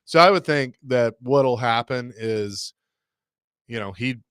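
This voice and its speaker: Opinionated sports radio host, dry mic. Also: male voice, mid-range voice, slow pace, fairly bright tone, clear, resonant tone, dry recording. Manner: opinionated, rambling with restarts. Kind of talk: casual sports talk.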